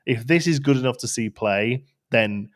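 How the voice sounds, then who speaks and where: A man's voice: medium pitch, moderate pace. A man co-hosting a casual card game livestream, rambling and restarting his sentences, laughing often. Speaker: co-host. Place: home studio, livestream.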